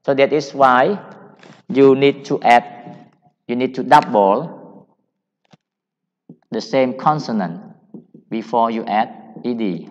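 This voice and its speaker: A man with a Cambodian accent teaching English grammar, explaining slowly and repeating each point. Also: medium pitch. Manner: slow, repetitive, deliberate explaining. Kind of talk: grammar lecture. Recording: dull sound in a long-reverb hall.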